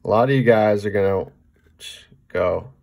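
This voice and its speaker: A man with a low, gravelly voice walks through a painting demo in a relaxed, chatty way. He keeps checking in with "okay?" and lets his words drift quieter as he focuses on mixing paint. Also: normal speed. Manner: talks while mixing paint, trailing off softly. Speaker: painting instructor. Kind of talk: casual painting demonstration.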